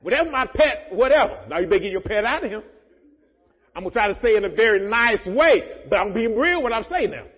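A man with a somewhat high, husky voice preaches to his congregation, breaking into loud, rising bursts and joking asides. His voice rings with long reverb through a church hall. The recording sounds dull and muffled. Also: expressive, quick pace. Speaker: pastor. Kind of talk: sermon.

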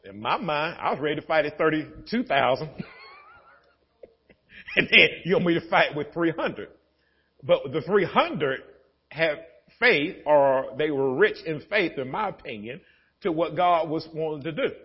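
A male pastor with a high voice that leaps up and down as he preaches. His tone is husky, and it shifts from relaxed storytelling to shouted, laughing exhortation. The sermon is recorded in a church sanctuary with dull, lo-fi sound. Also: unhurried, long pauses.

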